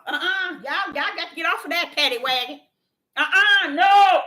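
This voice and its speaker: A woman preaching an impassioned sermon in a fervent, scolding manner that rises to shouting. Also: very high-pitched, normal speed. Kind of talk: impassioned street-style sermon.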